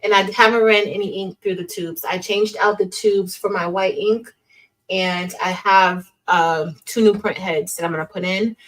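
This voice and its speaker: A woman's voice: fairly low pitch, fairly bright tone, poor audio. A young woman hosting a casual craft livestream, chatting loosely, trailing off and restarting sentences as she greets viewers by name.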